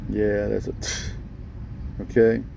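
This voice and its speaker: A man's voice: lowish voice, monotone, slow pace, creaky, mellow, a little hiss or hum, rough recording. A man ranting straight at his viewers in a blunt, scolding way, often pressing them with "okay?". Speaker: vlogger addressing viewers. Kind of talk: ranting monologue to camera.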